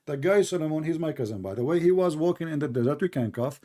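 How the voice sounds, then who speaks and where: Brief: male debate host, sarcastic and combative, higher voice. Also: animated, fast talker, mellow. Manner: sarcastic, combative, non-native English. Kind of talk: mocking religious debate.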